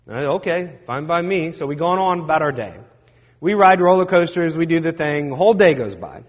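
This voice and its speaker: Animated pastor in a reverberant sanctuary. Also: male voice, fairly high pitch, brisk. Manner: animated, self-deprecating storyteller. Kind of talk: sermon storytelling. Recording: dull sound with long hall reverb.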